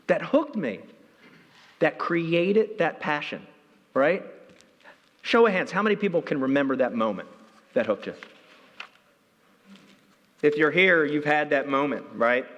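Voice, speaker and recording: A man giving a conference talk, telling a story with energy, and his voice jumps high when he gets excited. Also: a little slow, long pauses, lo-fi sound. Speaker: keynote speaker. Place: large hall. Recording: reverberant hall.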